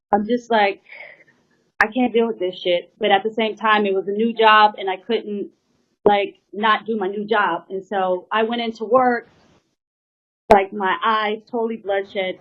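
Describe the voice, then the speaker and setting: A woman drummer giving an earnest, emotional personal account, rambling with many fillers and pleading at times. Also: mid-range voice. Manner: rambling, full of "you know" and "like" fillers. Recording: slightly muffled lo-fi recording.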